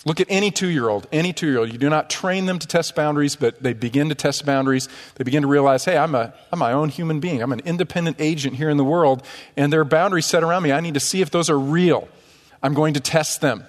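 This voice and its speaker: Lively male pastor in a reverberant church. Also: a little high. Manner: lively, conversational preaching with humor. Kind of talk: sermon. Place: church sanctuary.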